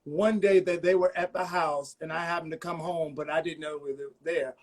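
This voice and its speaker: A man's voice: fairly high pitch, moderate pace. A man in his forties from Virginia, a guest telling playful stories in a casual interview over a video call. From Virginia, USA. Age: 40s. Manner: playful, animated storyteller.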